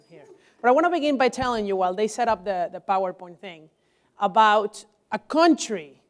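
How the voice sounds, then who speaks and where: A young man from Venezuela, giving a public lecture as guest speaker, telling stories with animation and frequent restarts. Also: high-pitched. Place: lecture hall.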